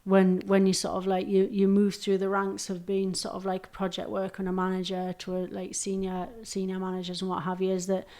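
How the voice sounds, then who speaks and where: A woman with a Geordie accent, a podcast guest, talking in a lively conversational way and quickly agreeing with the host. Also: mid-range voice. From North East England. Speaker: charity chief executive, podcast guest. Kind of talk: casual conversation.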